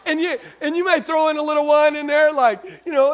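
High-voiced pastor preaching. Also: male voice, steady tone, fairly quick. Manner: conversational, repeats phrases, asks the crowd questions. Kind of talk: sermon.

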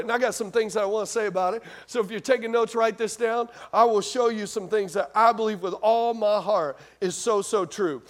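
A man preaching a sermon in a conversational way, repeating phrases and asking the congregation questions. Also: extremely high pitch. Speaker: pastor.

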